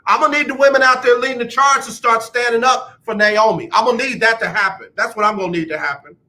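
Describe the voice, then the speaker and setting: Fired-up high-voiced male radio host. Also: fast talker. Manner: animated, ranting, emphatic. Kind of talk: sports talk radio. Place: radio studio.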